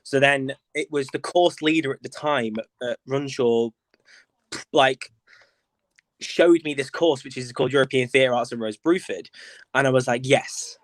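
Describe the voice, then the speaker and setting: A man's voice: medium pitch, moderate pace, dry recording. A young man from Lancashire, chatting as a podcast guest about his path into theatre, playful with camp asides and lots of fillers. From Lancashire, England. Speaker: guest, actor and theatre director. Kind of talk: casual podcast chat.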